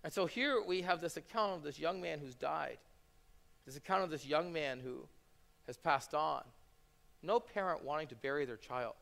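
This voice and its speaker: A man's voice: on the high side, moderate pace, vocal fry, fairly bright tone. A man in his thirties preaching a sermon, telling stories earnestly and building into impassioned preaching. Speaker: pastor.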